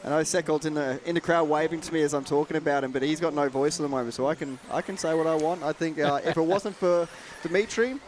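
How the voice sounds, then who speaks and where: A man's voice: on the high side, steady tone, quick pace, hardly any pauses. A man giving live race commentary, reeling off positions with dry, teasing humor.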